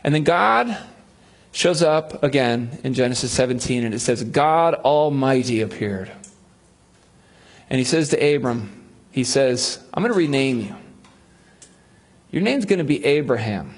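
A man's voice: mid-range voice, animated, unhurried, pauses often. A male pastor preaching a sermon, telling a Bible story with humor and acting out the voices of its figures.

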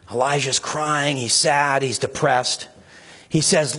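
A man's voice: steady tone, slow, bright, forceful tone, slightly rough. A man preaching a sermon as a pastor, speaking with passion and rising emphasis. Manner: impassioned, rising to emphatic high pitch when stirred.

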